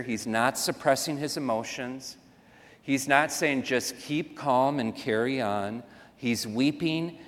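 A man preaches to a congregation in an earnest, conversational way, turning aside now and then to speak to the people in the pews. His mid-pitched voice rings out with a long reverb from a church sanctuary. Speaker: pastor. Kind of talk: sermon. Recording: long reverb of a large hall.

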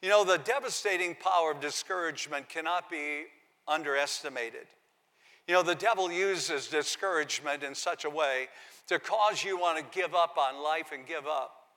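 A man's voice: fairly high pitch, moderate pace, bright, forceful tone. Man preaching in a reverberant hall. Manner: preaching, reads scripture aloud with dramatic emphasis. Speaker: pastor. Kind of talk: sermon.

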